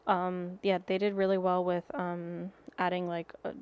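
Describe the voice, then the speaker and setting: A woman's voice: on the low side, level tone, measured pace, smooth, muffled recording. A woman co-hosting a podcast, chatting casually with many hesitant ums. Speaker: podcast co-host. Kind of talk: casual chat.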